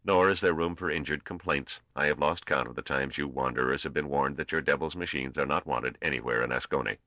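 Narrator doing a squeaky, scornful old ruler, clipped and cold, dull cassette sound. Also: male voice, a little fast, pushed and bright, dry recording. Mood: curt. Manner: snapping, intoning, coldly formal. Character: small old balding male ruler, scornful and curt. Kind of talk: audiobook character voice.

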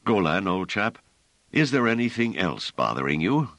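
A man reading an audiobook, voicing a mild and gentle male companion. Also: lowish voice, sing-song, normal speed, dry recording, voice pushed up.

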